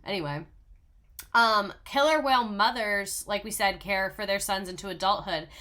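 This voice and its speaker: Young woman host, bright timbre; sarcastic, emotional, casual commentary. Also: medium pitch, normal speed. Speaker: video host. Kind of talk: casual commentary over clips.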